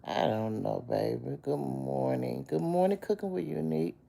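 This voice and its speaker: Her voice is a rumbling low one, gravelly and dark, at a moderate pace. Sick with a chest cold, she lies in bed chatting casually on a phone live stream, greeting viewers by name and calling them baby.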